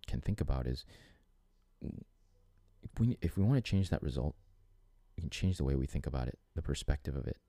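Podcast host, male, very low mellow voice, earnest and rambling, dry close sound. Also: no room sound. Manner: earnest, rambling, with frequent restarts and filler. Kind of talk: reflective solo podcast monologue.

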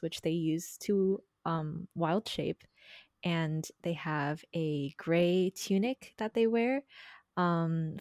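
A woman with a fairly low voice reads out a prepared character description at a steady, measured pace. The sound is dry and close, with no room around it. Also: no room sound. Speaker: player.

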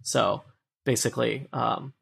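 A game master with a gravelly, creaky voice runs the table in an easygoing way. He laughs often and fills his sentences with ums and uhs as he narrates. His pitch sits in the middle range for a man. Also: measured pace. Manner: relaxed, laughs often, many fillers.

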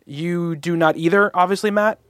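A young man from Long Island hosting a casual chat, talking quickly with restarts and frequent laughs. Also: sits high, fairly bright tone, no echo, studio quality. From Long Island, New York.

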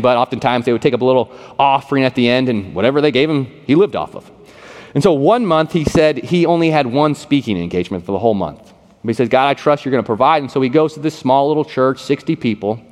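A pastor tells a story from the pulpit in a casual, conversational sermon voice, often doubling back on his words. His pitch moves with lively animation and sits mid-range. The sound carries a long reverb from a large hall.

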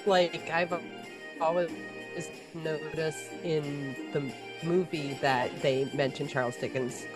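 A woman's voice: low voice, steady tone, slow pace, music in the background. A woman, a guest mixologist, chatting casually and laughing easily. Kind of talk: casual chat.

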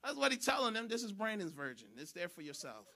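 A man preaching a sermon in church, animated and shouting for emphasis. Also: high voice, fast, gravelly. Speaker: pastor.

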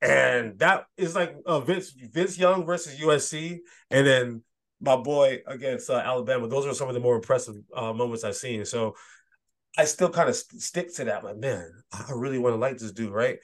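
A man's voice: mid-range voice, moderate pace. A man co-hosting a casual sports podcast, joking and teasing in a slangy way and laughing often. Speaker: podcast co-host.

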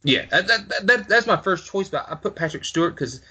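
A man talking casually as a podcast co-host, halting with many fillers and repeated words. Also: sits high, expressive, sharp tone, breathy edge. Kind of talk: casual chat.

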